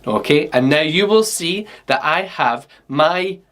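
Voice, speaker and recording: A man's voice: on the high side, animated, a little slow, fairly bright tone. Chatty Scottish man teaching a class. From Scotland. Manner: chatty, instructive, often saying okay and um. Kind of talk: online classroom workshop.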